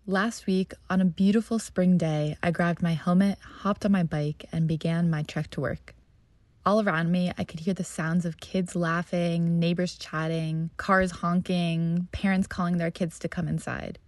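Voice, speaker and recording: A woman's voice: on the low side, fairly even intonation, a little slow, darkish tone, no room sound. A woman telling her own story as scripted narration, tense and vivid. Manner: tense, vivid storytelling with heated quoted outbursts.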